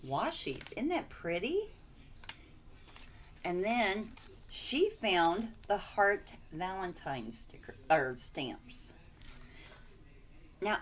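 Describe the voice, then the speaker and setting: A woman's voice: mid-range voice, a little hiss or hum. A woman vlogger chatting casually and gushing over cards and mail sent by friends, exclaiming and giggling often.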